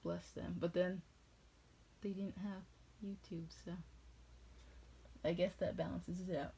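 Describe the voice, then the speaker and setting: A woman's voice: fairly low pitch, little pitch movement, measured pace, creaky, mellow, a little hiss or hum, rough recording. A woman from New England rambling through tangents in a casual chat. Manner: rambling, jumps between tangents.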